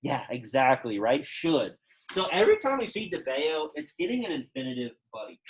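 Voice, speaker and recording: A man's voice: mid-range voice, sing-song, moderate pace, dull audio, a little hiss or hum. Casual young male Latin teacher. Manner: chatty and informal, many fillers like "like" and "um". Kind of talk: classroom lesson, casual explaining. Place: classroom, also teaching online students.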